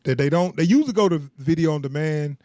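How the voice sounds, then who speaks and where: A young man co-hosts a podcast, talking in loose, rambling slang and laughing often. His voice sits a little high and sounds dry and close, with no room around it. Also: animated, fast, mellow, no echo. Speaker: podcast co-host. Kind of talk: casual chat.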